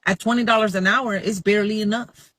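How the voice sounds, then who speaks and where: A man's voice: high-pitched, steady tone, fairly quick, bright, forceful tone, no room sound. A man in a casual vlog, methodically walking through wage and bill numbers. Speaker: vlogger explaining wages.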